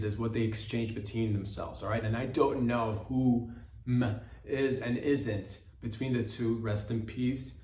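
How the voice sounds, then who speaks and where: Man, comedy podcast host, rambling satirical monologue, halting restarts, roomy echo, mic a bit distant. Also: medium pitch, fairly even intonation, mellow. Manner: meandering, halting, with many restarts and mock-serious asides.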